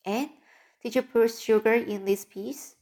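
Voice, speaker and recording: A woman's voice: a little high, fairly even intonation, unhurried, dark tone. A woman reading an audiobook, voicing a doleful young woman. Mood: puzzled.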